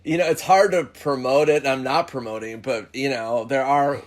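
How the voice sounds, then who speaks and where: A man's voice: mid-range voice, fairly even intonation, normal speed. Profane, rambling man on a podcast. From Minnesota. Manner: rambling, profane storytelling with voiced impressions. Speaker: comedian guest. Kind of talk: casual podcast chat.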